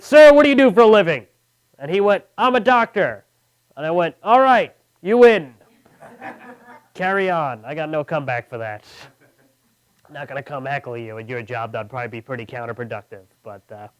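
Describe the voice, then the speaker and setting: A man doing a stand-up set in a fairly high, clean and smooth voice. He pokes fun at himself and slips into other people's voices to act out each joke. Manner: self-deprecating, acts out quoted voices in his jokes. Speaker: stand-up comedian. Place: comedy show studio with audience.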